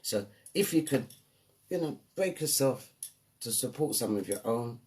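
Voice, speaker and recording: A man's voice: mid-range voice, a little slow. A man hosting a live online show, playfully greeting viewers from the chat by name. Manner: lively, playful, shouting out names one after another. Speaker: host.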